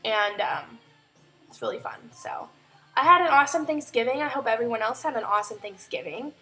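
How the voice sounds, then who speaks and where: A woman's voice: on the high side, brisk, soft background music. Chatty young woman telling a story. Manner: chatty, animated retelling with quoted voices. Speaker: vlogger. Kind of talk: casual storytelling vlog.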